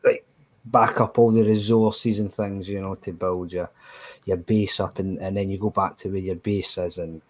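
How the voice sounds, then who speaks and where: A man with a husky, low voice, chatting loosely on a podcast. He rambles through his points, stacking "you know" and restarting sentences. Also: little pitch movement, moderate pace, poor audio. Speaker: podcast panelist. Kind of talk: casual podcast chat.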